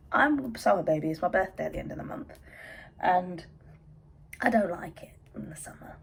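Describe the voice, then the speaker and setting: A woman's voice: fairly low pitch, lively intonation, normal speed, gravelly, long pauses, husky, low-quality recording. A young English woman chatting in a rambling vlog from her bedroom, out of breath with hay fever. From England. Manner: chatty, rambling, self-interrupting. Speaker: vlogger. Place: bedroom at home.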